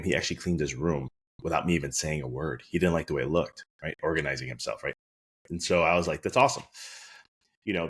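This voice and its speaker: Quick, low-voiced male podcast host and chiropractor; anecdotal, earnest storyteller. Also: fairly bright tone, breathy edge. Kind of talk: casual podcast monologue.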